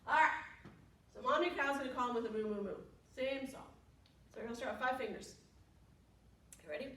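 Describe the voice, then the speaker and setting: A woman's voice: on the high side, brisk, sharp tone, a little hiss or hum. A woman children's librarian reading a story aloud to preschoolers in a sing-song way, stopping to ask the children questions. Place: library room. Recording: roomy room, voice from a distance.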